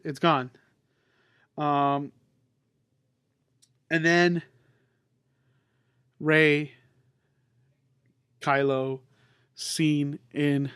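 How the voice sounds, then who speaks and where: Excitable, swearing man with a fairly high voice. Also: clear, resonant tone, dry recording, studio quality. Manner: excitable, swears freely, many fillers and restarts. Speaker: podcast host reviewing a film. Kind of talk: casual spoken movie review.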